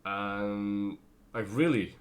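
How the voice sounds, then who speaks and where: A tired man giving a casual spoken TV review, rambling with lots of fillers and self-corrections and slipping into quick character impressions. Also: lowish voice. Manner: breaks into brief character impressions. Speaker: TV show reviewer.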